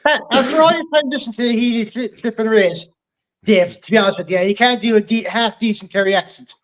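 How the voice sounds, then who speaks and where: A man's voice: high voice, fast talker, a bit bright, poor audio. An Irish man hosting a podcast in casual chat, joking and bantering with his guests. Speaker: podcast host.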